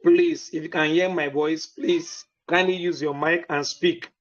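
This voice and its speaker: A man hosting an online business meeting. He gives a motivational talk, keeps checking that listeners can hear him, and fills his pauses with "um". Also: on the high side, big pitch swings, dull audio, soft background music. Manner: slow, deliberate delivery with many fillers.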